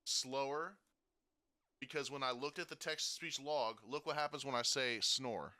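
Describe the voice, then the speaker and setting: A man giving a casual software tutorial, talking through each step and checking in with frequent "okay?" and "right?". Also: medium pitch, fairly quick. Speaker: streaming tutorial host.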